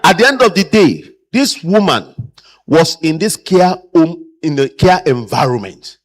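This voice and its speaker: A man lecturing a room of caregivers, slightly high-pitched and very lively in his intonation. He acts out the people he quotes. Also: a little slow. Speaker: trainer.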